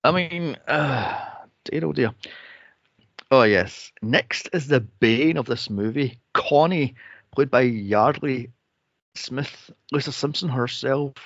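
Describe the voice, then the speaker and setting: A man co-hosting a film podcast, sarcastic and profane, mocking characters with shrill impressions. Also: takes it slowly, no echo. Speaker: podcast co-host reviewing a film. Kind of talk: casual chat. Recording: dull lo-fi dry podcast audio.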